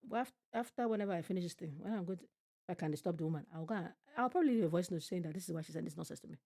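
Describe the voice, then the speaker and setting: A woman's voice: lowish voice, racing, vocal fry, dark tone. A woman gives casual reaction commentary on a TV show as a streamer, blunt and profane, riffing and repeating her phrases.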